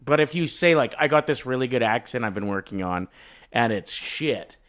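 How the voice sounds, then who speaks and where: A man's voice: medium pitch, lively intonation, moderate pace, a bit bright. A man co-hosting a casual morning talk show, rambling and joking as he chats. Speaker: co-host.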